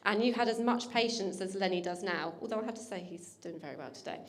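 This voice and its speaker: A woman's voice: mid-range voice, fast. A young woman, the bride's older sister, giving a teasing, affectionate wedding speech and laughing often. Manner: warm teasing, laughing often, getting emotional. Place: wedding reception hall.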